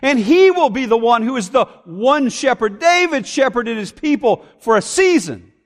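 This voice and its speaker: A man preaching a sermon, switching between emphatic declarations and quiet asides. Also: very high voice, very animated, normal speed, long reverb tail. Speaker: pastor.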